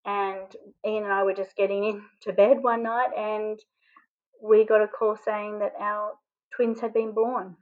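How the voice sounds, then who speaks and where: A woman from Australia telling a personal story in an interview, halting and often choked up with emotion. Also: medium pitch, phone-quality sound. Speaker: interview guest.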